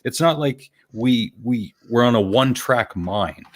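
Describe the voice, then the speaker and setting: A man's voice: medium pitch, expressive, a little slow. A man co-hosting a podcast in casual chat. He gives short, easygoing replies and agrees a lot. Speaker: podcast co-host.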